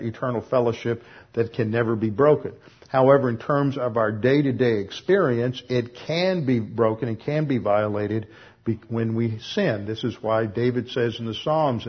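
A man teaching through a passage of Scripture in a measured, explanatory way, often pausing with "uh" and correcting himself mid-sentence. His voice is husky and sits at a middle pitch. The recording sounds dull and lo-fi. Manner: measured, with frequent "uh" pauses and self-corrections. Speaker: Bible teacher. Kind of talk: expository Bible teaching.

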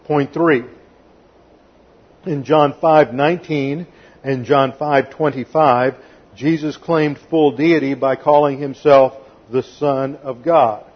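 A man's voice: mid-range voice, fairly even intonation, takes it slowly. A man preaching an expository sermon, methodical and emphatic, counting off numbered points to his congregation. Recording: dull lo-fi sermon recording.

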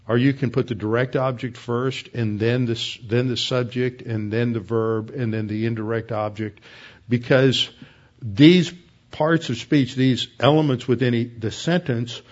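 Halting man teaching a Bible class. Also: medium pitch, darkish tone, dull audio. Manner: explanatory, halting with many fillers and restarts. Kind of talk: classroom lecture.

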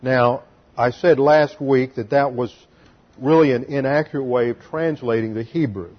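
A man's voice: mid-range voice, moderate pace, dull audio. A man teaching a sermon as pastor, explaining Hebrew grammar step by step and spelling out letters.

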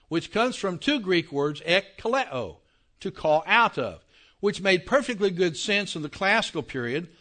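A man giving a Bible class lecture in a conversational way, often checking that his listeners follow and slowing down to stress key words. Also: on the high side, fairly bright tone. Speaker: Bible teacher.

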